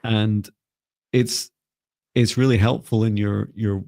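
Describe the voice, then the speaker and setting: A low-pitched man with a gravelly edge leads a meditation in an unhurried, soothing way, then moves into a live reading. He often restarts his sentences and fills pauses with "um." The sound is dry and close. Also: no room sound. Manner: calm, slow guiding voice with frequent fillers and restarts. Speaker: psychic reader and live-stream host.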